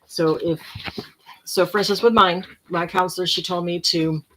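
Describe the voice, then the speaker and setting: A tired woman giving casual self-help talk, rambling and relaxed, now and then dropping to soft whispered breathing cues. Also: fairly low pitch, moderate pace, a little hiss or hum, low-quality recording.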